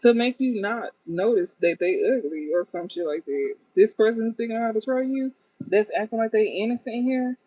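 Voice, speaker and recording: A woman's voice: on the high side, normal speed, dry recording. A woman giving a casual tarot reading to her viewers, blunt and profane, often cracking up at the cards. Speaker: tarot card reader. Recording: tinny phone-like dry sound.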